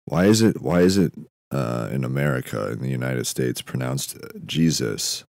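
A young man hosting a podcast, rambling through a comedic monologue in a meandering, deadpan way, often stopping himself mid-thought. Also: extremely low pitch, normal speed, creaky, no echo, clean studio sound. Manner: meandering, self-interrupting, deadpan musing with frequent fillers. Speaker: podcast host.

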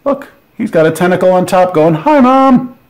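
A man hosting a board game channel, giving casual unboxing commentary with excitable, joking asides. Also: high-pitched, brisk.

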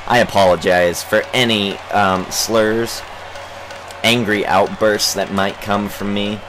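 A young man narrates his baseball game in unhurried let's play commentary, his voice sitting low. He swears and shouts in frustration whenever his team lets him down. A faint hum of background noise runs under his voice. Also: steady tone. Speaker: gaming channel host.

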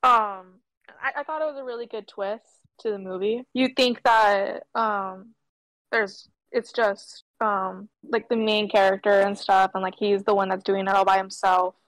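Brief: young female podcast co-host, hesitant and soft-spoken, dry close sound. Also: medium pitch, steady tone, measured pace, dry recording, low-quality recording. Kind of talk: casual film discussion.

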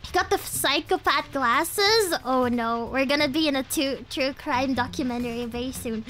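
A woman's voice: high-pitched, normal speed, fairly bright tone, faint music behind. A young woman streaming a game live, giggly and playful, with lots of slang, laughing often at what happens on screen.

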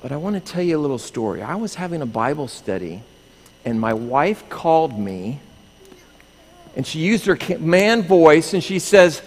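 A middle-aged man with a fairly high, very lively voice tells a children's story in church, playful and animated. His voice rings with a long echo in a large sanctuary, with faint room noise behind. He acts out the story as he tells it. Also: moderate pace. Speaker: pastor giving a children's story.

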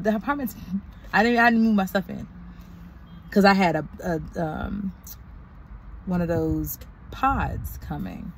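A woman's voice: medium pitch, moderate pace, pauses often, a little hiss or hum. A young woman vlogging and telling a story in a casual, exasperated way, venting with slang. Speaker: doctoral student vlogger.

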